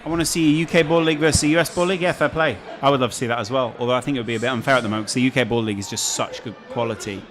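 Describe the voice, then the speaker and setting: A man's voice: mid-range voice, rapid-fire, hardly any pauses. A man hosting a live match watch-along, bantering and reacting to the game. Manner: chatty, bantering, exclaims at big moments. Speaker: host. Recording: loud crowd noise behind.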